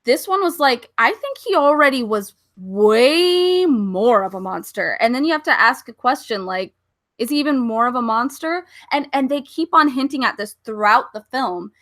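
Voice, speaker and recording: A woman's voice: on the high side, lively intonation, normal speed, a bit bright, no echo, studio quality. A woman co-hosting a podcast roundtable in casual chat, blunt and swearing freely. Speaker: podcast co-host.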